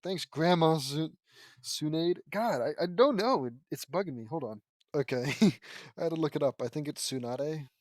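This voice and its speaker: A man's voice: a little high, animated, fairly quick, darkish tone, no room sound. A man reading fan fiction aloud and sarcastically mocking it as he goes. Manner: sarcastic, laughs at the text. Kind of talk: mocking read-aloud with commentary.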